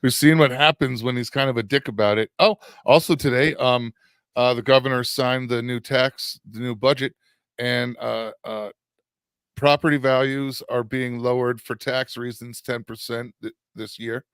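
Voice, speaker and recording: A man's voice: mid-range voice, fairly even intonation, moderate pace, a bit bright, clear, resonant tone, no echo. A middle-aged man co-hosting a podcast in casual chat, rambling through a story with frequent restarts and swearing. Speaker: podcast co-host.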